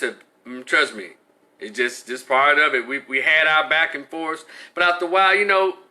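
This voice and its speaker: Hosting a live stream, this man gives lively, offhand commentary, frequently starting over as he responds to his chat. His pitch leans high.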